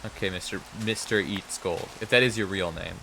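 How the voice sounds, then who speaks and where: This game streamer has a low-pitched, brisk voice with vocal fry, heard over a noisy background. He mutters to himself while playing and tosses mock-indignant jokes back and forth with his chat.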